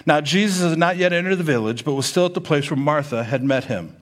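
A man preaching a sermon with a slightly higher-than-usual voice. He reads scripture aloud and then explains it in a plain, chatty way, often pausing to check in with his listeners. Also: animated. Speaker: pastor.

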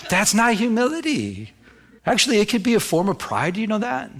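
A man's voice: high voice, huge pitch swings, brisk, fairly bright tone. A man preaching a sermon as pastor, with many restarts, who acts out the voices he quotes.

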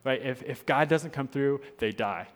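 Male pastor, mid-pitched, earnest and emphatic, sermon in a reverberant church hall. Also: moderate pace. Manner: earnest, repeats points for emphasis.

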